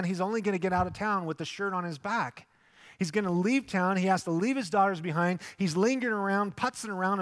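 A man's voice: sits high, a bit bright. A man preaching a sermon as pastor, telling the story animatedly and acting out its voices. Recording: long hall reverb.

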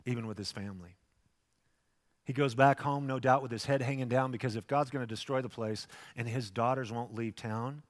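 A man preaching a sermon as pastor, telling the story animatedly and acting out its voices. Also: medium pitch. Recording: long hall reverb.

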